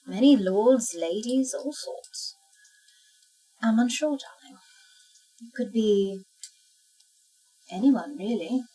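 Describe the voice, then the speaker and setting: A woman's voice: a little high, expressive, takes it slowly, long pauses, warm tone, slightly rough, full character voice. A woman voicing a courteous woman informant who calls people darling and my dear, heard on a distant mic with faint music.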